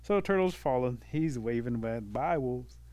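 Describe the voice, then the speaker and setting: Animated man telling a folk tale. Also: mid-range voice, normal speed, dry recording. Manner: animated, acts out voices and sounds. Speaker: storyteller. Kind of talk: oral folk storytelling.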